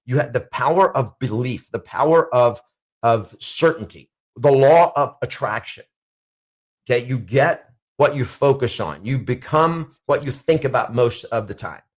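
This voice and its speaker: A man's voice: medium pitch, animated, measured pace. A middle-aged man coaching real estate agents in an emphatic motivational talk, repeating declarations with rising intensity.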